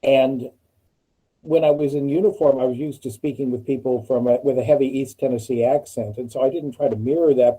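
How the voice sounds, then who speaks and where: A man telling a relaxed, self-deprecating story during an online panel discussion over a video call. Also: mid-range voice, husky, poor audio. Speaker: panel participant. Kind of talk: casual anecdote on video call.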